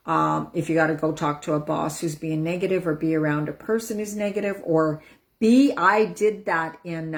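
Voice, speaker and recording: Woman, live-stream empowerment coach; lowish, soothing voice, breathy whoosh releases. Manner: soothing, demonstrates breathing out with loud whooshing sighs. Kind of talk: casual live-stream teaching.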